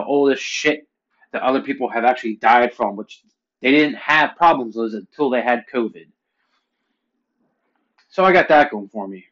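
A man in his forties from Pennsylvania, ranting casually and profanely to his viewers, his voice growing loud and heated. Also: muffled recording. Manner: profane, heated ranting that climbs louder and higher. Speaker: vlogger. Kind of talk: casual rant to camera.

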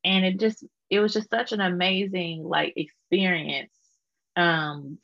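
A woman's voice: on the low side, fairly even intonation, measured pace, gravelly, no room sound, muffled recording. A woman with a Houston Texas accent, a guest artist chatting casually in an interview, full of fillers and laughter.

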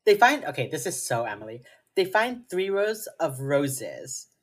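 A woman's voice: low-pitched, sing-song, a little slow, breathy edge. A woman co-hosting a podcast, chatting casually as she recaps a TV episode, playful, swearing freely and filling her talk with "like". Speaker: podcast co-host.

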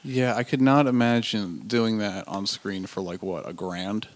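A man co-hosting a podcast, trading quick, joking banter in casual chat. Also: fairly low pitch, steady tone. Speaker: podcast co-host.

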